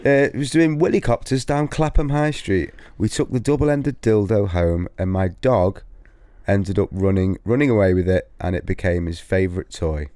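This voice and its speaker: A man's voice: fairly low pitch, moderate pace, mellow, clean tone, dry recording, studio quality. A man co-hosting a podcast, reading listener stories aloud in a giggly, casual way. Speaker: podcast co-host.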